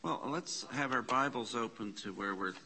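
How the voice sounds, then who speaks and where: A man's voice: mid-range voice, normal speed, sharp tone, slight background noise. A man teaching a classroom lesson on Bible Greek in a church classroom, patiently spelling out letters and parsing words aloud.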